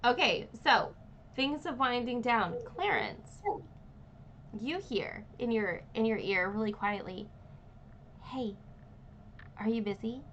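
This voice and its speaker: A woman's voice: fairly high pitch, lively intonation, takes it slowly, a bit bright, lo-fi sound. A woman as game master, narrating a tabletop game and explaining rules in a rambling, friendly way with many fillers. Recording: light background noise.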